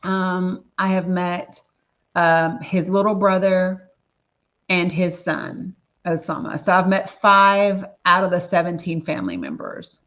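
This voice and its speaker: A woman's voice: lowish voice, expressive, slow, fairly bright tone. A woman hosting a casual livestream, talking earnestly and emotionally while reading viewer names from the chat. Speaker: livestream host. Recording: slightly dull lo-fi audio.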